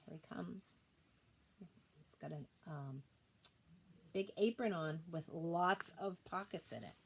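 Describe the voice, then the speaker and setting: A woman reading a picture book aloud to children, expressive and pausing to point out the pictures. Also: lowish voice, a little hiss or hum. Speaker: storybook reader.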